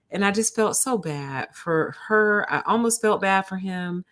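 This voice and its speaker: A woman hosting a livestream, telling a story to her chat in an animated way and calling her listeners honey and y'all. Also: mid-range voice, normal speed, hardly any pauses. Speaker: host.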